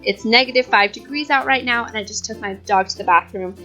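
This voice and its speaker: A woman's voice: a little high, a little fast, bright, forceful tone, faint music behind. A young woman in her twenties chatting casually over gameplay, rambling and giggling, a bit out of breath. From California. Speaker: YouTube host.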